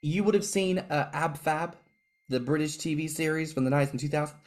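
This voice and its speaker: A man's voice: on the high side, fairly quick. A man co-hosting a podcast in a campy, playful, teasing manner. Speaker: podcast co-host. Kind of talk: casual chat.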